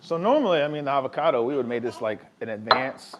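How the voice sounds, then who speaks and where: A young man with a drawl cooks at home and keeps up an easy, chatty commentary for his viewers. His voice sits at a middling pitch. A faint hum of kitchen noise runs underneath. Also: quick pace. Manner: relaxed, chatty, talks to viewers while cooking. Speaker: family vlogger cooking. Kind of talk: casual cooking vlog chat.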